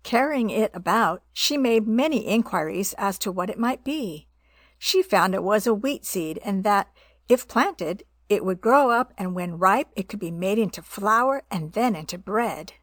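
A woman reading a children's story aloud in a gentle, expressive way. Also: mid-range voice, a little slow, dry recording. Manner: gentle, expressive reading with voiced animal parts.

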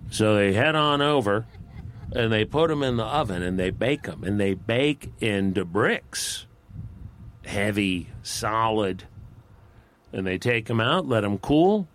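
Brief: a relaxed, folksy male storyteller, low and very slow. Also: slight background noise. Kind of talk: folk tale narration.

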